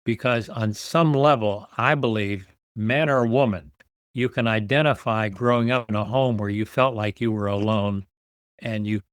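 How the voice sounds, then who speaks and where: A man's voice: on the low side, normal speed, no room sound, studio quality. A man in his sixties, a podcast guest, telling his story earnestly and repeating words as he builds each point. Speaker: guest, author and nonprofit founder.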